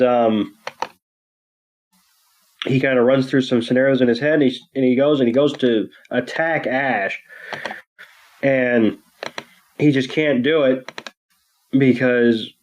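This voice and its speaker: A man's voice: medium pitch, darkish tone, muffled recording, a little hiss or hum. A man co-hosting a podcast, recapping a cartoon in a loose, rambling way full of ums and crude jokes. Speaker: podcast co-host. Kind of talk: casual episode recap.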